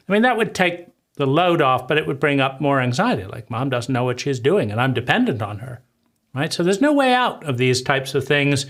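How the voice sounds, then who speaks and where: A man's voice: mid-range voice, very animated, a little fast, a bit bright. A man giving an impassioned lecture on trauma, emphatic and sweeping, piling phrase on phrase. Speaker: trauma speaker.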